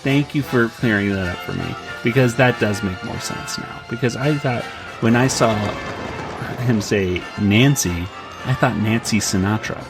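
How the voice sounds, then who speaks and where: A man's voice: on the low side, moderate pace, music in the background. A man co-hosting a podcast, casually recapping a comic and acting out the characters' lines in raised voices, with many fillers. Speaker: podcast co-host.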